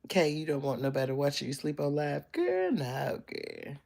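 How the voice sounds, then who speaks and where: Low-voiced sassy young woman. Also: wildly swooping pitch, moderate pace, vocal fry, darkish tone. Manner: playful, sassy, teasing. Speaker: live streamer. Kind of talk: casual chat reading viewer comments. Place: bedroom, in bed.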